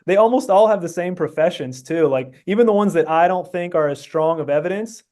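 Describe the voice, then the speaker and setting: A man speaks as a podcast guest, laying out his reasoning earnestly with many fillers and restarts. His voice is mellow and dark in tone, though pitched a little high. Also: brisk. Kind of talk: casual chat.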